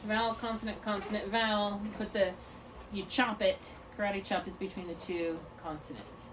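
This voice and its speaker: A woman teaches phonics one-on-one at a patient, step-by-step pace and often stops to correct herself. Her voice sits at a middle pitch. She is picked up from some distance, with a faint hiss in the background. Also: fairly even intonation, normal speed. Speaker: reading tutor. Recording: distant mic with faint room noise.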